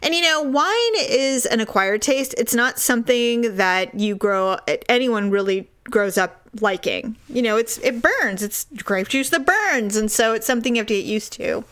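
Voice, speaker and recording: A woman in her forties telling a story in casual chat, animated and laughing often. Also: on the high side, moderate pace, few pauses.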